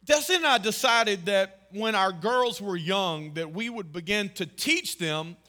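A man's voice: sits high, unhurried. A man in his thirties preaching a sermon as pastor, telling family stories with emphatic, rising exclamations. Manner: emphatic, storytelling, rises to loud exclamations.

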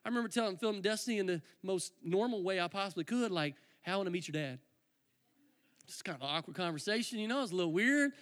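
A male preacher telling a humorous personal testimony from the pulpit, full of animated storytelling and comic asides. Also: high voice, racing, hardly any pauses.

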